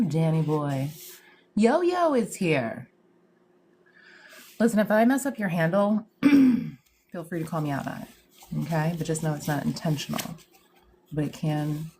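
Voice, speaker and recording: Low-voiced slangy woman medium. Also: mellow, slight background noise. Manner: slangy and chatty, greets viewers, laughs often. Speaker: psychic medium hosting a live stream. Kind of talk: casual livestream chat.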